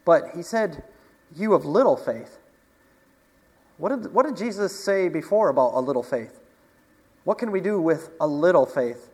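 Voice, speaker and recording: Chatty preacher in a reverberant hall. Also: male voice, on the high side, expressive, moderate pace, long pauses, a little mellow, slightly rough. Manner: conversational, asks the audience questions, chuckles often. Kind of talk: casual sermon.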